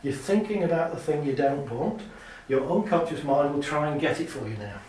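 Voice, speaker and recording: Male speaker on stage, lively storyteller with a slightly high voice, heard from off mic in a big echoing hall. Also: fairly quick, recorded from a distance, a little hiss or hum. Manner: lively, chatty, laughs often, acts out little scenes. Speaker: speaker giving a talk. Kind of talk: live talk to an audience. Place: large hall with an audience.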